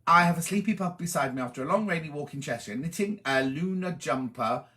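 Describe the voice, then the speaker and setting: A chatty man hosts a live stream, greeting viewers one by one and reading their messages aloud. His voice sits slightly high for a man and sounds bright and forward. He talks in a relaxed, friendly way. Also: brisk. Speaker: host.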